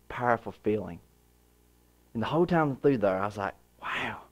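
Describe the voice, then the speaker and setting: A man in his thirties preaching a sermon as pastor, earnest, with repeated phrases, swinging from hushed to emphatic. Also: medium pitch.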